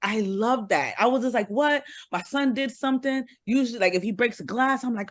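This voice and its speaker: A woman guest on a podcast, telling a story with lively energy and acting out the voices of the people in it. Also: a little high, fairly quick, hardly any pauses, dry recording, clean studio sound. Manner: animated storytelling, acts out others' lines. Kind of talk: casual chat.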